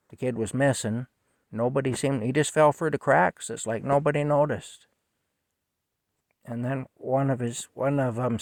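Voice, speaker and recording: Low-voiced man rambling through a story. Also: dry recording, studio quality. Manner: rambling, halting, emotional. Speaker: vlogger telling a personal story. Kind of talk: casual storytelling monologue.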